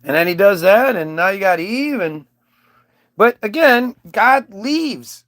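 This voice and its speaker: A man's voice: high voice, animated, slow, fairly bright tone, dry recording, studio quality. A male comedian telling a crude, rambling comic story with frequent restarts.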